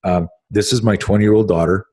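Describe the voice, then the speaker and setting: Deep husky man telling an intense story. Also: fairly even intonation, a little fast, darkish tone. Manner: intense, blunt, swears freely, restarts often. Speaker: self-defense instructor and podcast host. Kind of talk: animated podcast storytelling.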